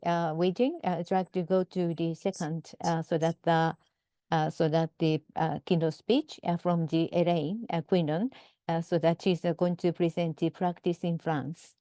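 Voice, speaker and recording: A woman moderating a webinar, halting, with heavy fillers and repeated phrases. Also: fairly low pitch, level tone, warm tone, no echo, studio quality.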